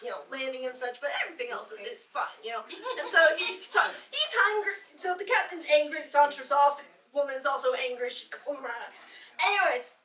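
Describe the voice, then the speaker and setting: A woman's voice: high-pitched, animated, normal speed, pushed and bright. A woman telling dad jokes to a small group, laughing at her own punchlines and rambling with fillers. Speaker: joke teller at a bardic circle. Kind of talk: casual live joke telling. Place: indoor gathering room with listeners. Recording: roomy echo, voice from a distance.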